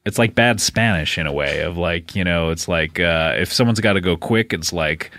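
A man's voice: low-pitched, moderate pace, pushed and bright, no room sound. A man co-hosting a podcast, chatting in casual comedic banter, playful and teasing, laughing often. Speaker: podcast co-host.

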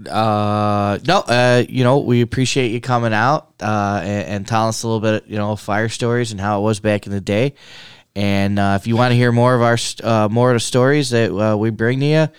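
A man's voice: fairly low pitch, fairly even intonation, moderate pace, smooth, no echo, clean studio sound. A man co-hosting a podcast, reading plugs loosely with many fillers. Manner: loose, filler-heavy delivery. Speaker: podcast co-host. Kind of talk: casual podcast sign-off.

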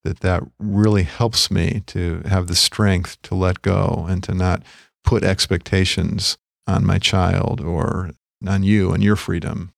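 A middle-aged man with a very low, gravelly voice speaks gently and deliberately, like a pastor sharing counsel. He is recorded close to the mic in a dry, dead room. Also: level tone, dry recording. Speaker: podcast co-host. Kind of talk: reflective Christian podcast conversation.

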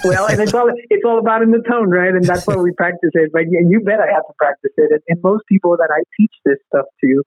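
A man's voice: high voice, no echo. A man, a podcast guest, telling a story in an earnest way and often checking in with "right?". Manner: earnest, fast, peppers sentences with "right?". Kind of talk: storytelling interview talk. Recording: tinny phone-like line.

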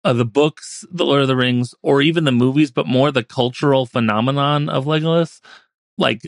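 Male podcast guest, gravelly fry, dry close sound, jokey and halting. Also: mid-range voice, no echo. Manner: joking, halting restarts. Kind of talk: casual chat.

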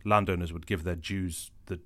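A man from Scotland with a Scottish-tinged accent that drifts, talking casually as a guest with many quick restarts. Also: low voice, steady tone, sharp tone. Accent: Scottish-tinged English, shifting. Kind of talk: casual conversation.

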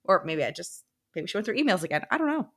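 A woman's voice: fairly low pitch, big pitch swings, fast talker, a bit bright. Musing young woman thinking aloud. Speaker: podcast co-host. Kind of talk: casual book discussion.

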